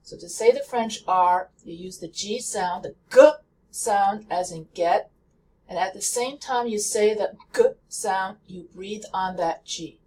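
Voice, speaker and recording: Woman teaching pronunciation, really slow and careful, repeats sounds a lot, mic kinda far off. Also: mid-range voice, a little mellow. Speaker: language teacher. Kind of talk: pronunciation lesson.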